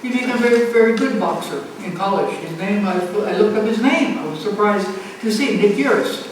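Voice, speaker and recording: At an art show in a community center gallery, an older woman with a mid-range voice tells a live audience a playful story from her childhood, speaking fairly quickly and laughing through her punchlines. The recording is echoey and distant, with faint noise.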